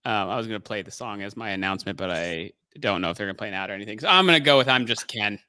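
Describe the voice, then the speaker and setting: Quick-talking cohost guy, bright edge, joking around. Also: fairly low pitch, lively intonation, smooth, no room sound, clean studio sound. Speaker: podcast co-host. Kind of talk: casual chat.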